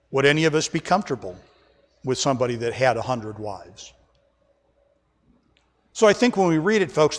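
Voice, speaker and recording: The man's medium-pitched voice resonates through a large hall as he preaches an emphatic sermon. He is the pastor, recorded in a church sanctuary during a service, and he repeatedly calls the congregation folks.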